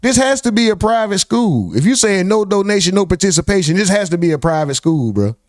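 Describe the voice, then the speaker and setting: A young man hosts a live reaction stream, reading viewers' comments and reacting with loud disbelief. His voice sits a bit high, and the mic is close and dry with no room sound. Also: sing-song, brisk, no echo. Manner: incredulous, swearing, reads chat comments aloud.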